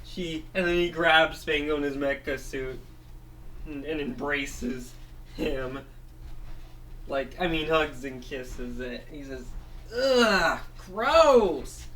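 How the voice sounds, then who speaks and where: Rambling high bright male storyteller. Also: fairly even intonation, slight background noise. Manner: rambling, self-correcting, doing quick high voices for characters. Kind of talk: improvised story narration with character voices.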